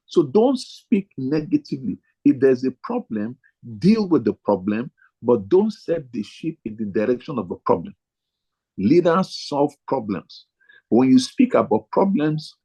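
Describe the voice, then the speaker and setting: A man's voice: medium pitch, dark tone, breathy edge, lo-fi sound. A man, a pastor teaching other pastors in a sermon style, emphatic and repeating his key phrases.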